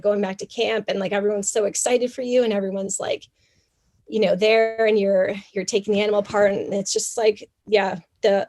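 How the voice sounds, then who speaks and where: A young adult woman from Canada, a podcast guest telling a story in an animated, chatty way with many fillers. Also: medium pitch. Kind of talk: casual interview storytelling.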